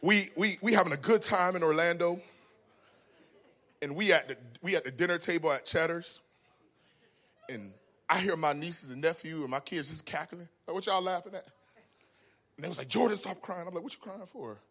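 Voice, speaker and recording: A man delivers a funny sermon built on stories, sounding folksy and chatty, laughing often and swinging between shouts and quiet asides. His voice is on the high side, his pace moderate, and he takes long pauses.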